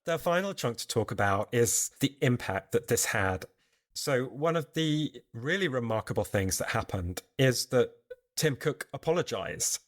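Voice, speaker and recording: A man's voice: medium pitch, lively intonation, normal speed. A man hosting a casual podcast discussion, talking through the subject in a thoughtful, explaining way. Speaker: podcast host.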